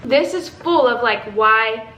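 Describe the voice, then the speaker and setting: A young woman from Texas telling a story to camera in a casual, animated way, swearing and acting out what others said. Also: fairly high pitch, slow. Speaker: vlogger. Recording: echoey room with faint ambient noise.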